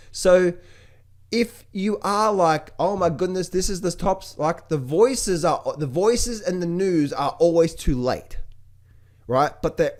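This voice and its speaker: A man talking casually about markets to viewers, animated, repeating words and mimicking other people's voices. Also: a little high. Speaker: trading educator. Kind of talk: casual market commentary to camera.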